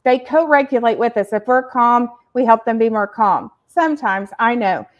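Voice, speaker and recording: A woman co-hosting a parenting show, explaining points in a casual, warm way and laughing between them. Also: fairly high pitch, normal speed, lo-fi sound. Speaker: podcast co-host.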